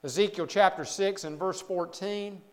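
High-voiced man preaching in a reverberant hall. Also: normal speed. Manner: preaching with wide swings from loud emphasis to quiet, low asides. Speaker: pastor. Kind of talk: sermon.

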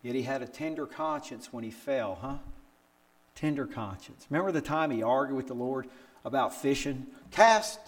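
Older male pastor, sermon delivery, animated storyteller who tosses out rhetorical questions and leaps up in pitch for quotes. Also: moderate pace. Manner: acts out quotes with big pitch jumps.

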